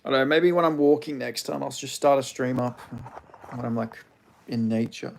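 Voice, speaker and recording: On a live stream, a man rambles and curses as he reads questions from chat and responds. He has a gravelly, mid-range voice and talks at a moderate pace.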